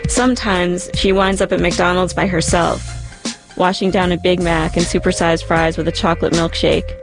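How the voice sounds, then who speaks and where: A woman narrating a first-person spoken-word story in a calm, reflective way. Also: on the low side, normal speed. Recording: narration over a music bed.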